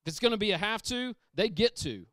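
A man preaching a sermon, emphatic and repetitive, moving from loud passages down to hushed ones. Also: sits high, expressive, a little fast, no echo, clean studio sound. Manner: emphatic, repeats phrases, shifts from loud to hushed. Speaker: pastor. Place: church sanctuary.

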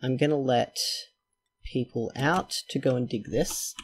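A man giving chatty gameplay commentary, talking to himself and his characters and quickly getting excited. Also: mid-range voice, slight background noise. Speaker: let's play host.

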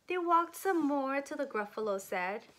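A woman voicing the Gruffalo, a big gullible male monster, dropping her voice low and speaking slowly. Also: lively intonation, a bit bright.

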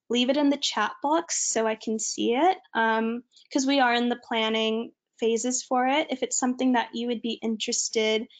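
A young American woman from California speaks in a loose, conversational way, presenting to an online audience as a student. Her voice sits a little high for a woman. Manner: chatty and informal.

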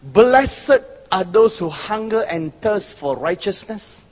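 A man's voice: high-pitched, animated. Emphatic preacher man in a reverberant hall. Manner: emphatic, drawn-out phrasing with bursts of force. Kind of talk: sermon.

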